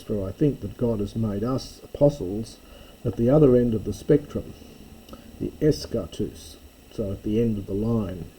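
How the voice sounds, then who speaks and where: A man with a dark, husky voice reads and explains Greek words in a slow, careful lesson. He pauses often, uses fillers and corrects himself mid-sentence. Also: mid-range voice, poor audio. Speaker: Greek New Testament teacher.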